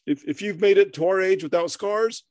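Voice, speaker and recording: A man's voice: high voice, fairly quick, darkish tone, dry recording, studio quality. A middle-aged man co-hosting a podcast in casual chat, rambling, swearing freely, laughing often and stammering through restarts. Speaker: podcast co-host.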